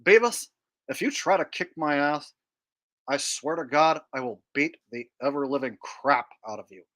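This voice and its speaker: A man voicing a slow, insulting cartoon teenage boy who mocks his friend in a deadpan drawl. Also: a little high, natural voice. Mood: scornful.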